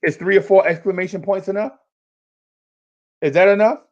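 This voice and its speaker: Fired up guy running a fan stream, slangy and repetitive, muffled low-fi sound. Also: steady tone, normal speed, a little mellow. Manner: hyped, repetitive, slangy, calling out to chat. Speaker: host of a fan livestream. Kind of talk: casual livestream chat.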